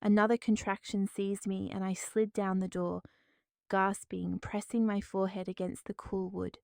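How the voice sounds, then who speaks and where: Smooth, gravelly-voiced woman storyteller. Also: mid-range voice, little pitch movement, a little mellow, no room sound, studio quality. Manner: measured and formal. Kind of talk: first-person dramatic story narration.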